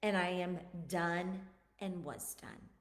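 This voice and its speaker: A woman's voice: on the low side, slow, echoey room. A woman talking earnestly and emotionally to her viewers about her own struggles, often repeating words for emphasis. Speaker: vlogger. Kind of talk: personal confessional talk to camera.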